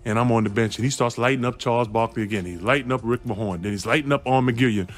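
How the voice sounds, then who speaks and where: A man telling an excited, laughing anecdote about his playing days, in a played clip with faint music under it. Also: mid-range voice, quick pace. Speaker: former player telling a story. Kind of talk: animated storytelling clip.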